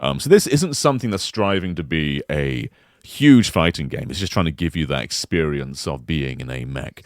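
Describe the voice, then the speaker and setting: A man co-hosting a podcast in casual chat, pitching an imagined game console like an animated storyteller. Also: moderate pace, no room sound, studio quality. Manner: animated storyteller who slips into silly voices. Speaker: podcast co-host.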